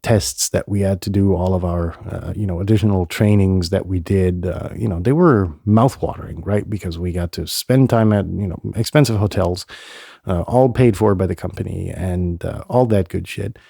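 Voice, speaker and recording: Gravelly low-voiced man rambling on a podcast. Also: normal speed, dark tone, no room sound, clean studio sound. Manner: rambling, many filler sounds, blunt and profane. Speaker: podcast host. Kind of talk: casual solo podcast monologue.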